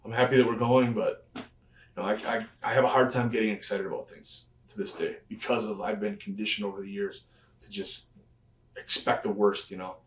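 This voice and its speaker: A wrestler guest speaks briskly in a fairly low voice that barely moves in pitch, telling loose, filler-laden stories of old conversations during a conversational interview. Slight background noise accompanies the echoey room and distant mic.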